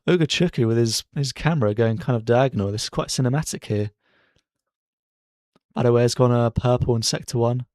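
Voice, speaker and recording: A man streaming casual live race commentary from his bedroom, chatty and excitable as he cheers drivers on. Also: mid-range voice, a little fast, no room sound, clean studio sound. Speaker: streamer hosting a racing watchalong. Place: bedroom at home.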